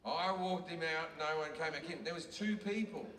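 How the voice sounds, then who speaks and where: A man's voice: on the high side, normal speed, crowd noise. A man with an Australian accent doing a crude, heavily profane stand-up comedy set in a large theatre. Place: large theatre with live audience. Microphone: bootleg recorded from the audience. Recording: echoey hall bootleg from far off, loud room noise.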